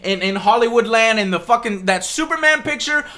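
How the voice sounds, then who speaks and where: Male vlogger, fed-up ranter, high register, crisp bright tone, lots of profanity. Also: expressive, a little fast. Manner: exasperated, heavy swearing, repeats himself. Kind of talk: angry rant to camera.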